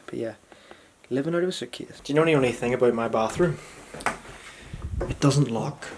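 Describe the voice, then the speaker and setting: A man's voice: medium pitch, brisk, heavy background noise. A young man, chatting casually and swearing freely as he vlogs from tour on a handheld action camera. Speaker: touring actor vlogging. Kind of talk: casual vlog chat.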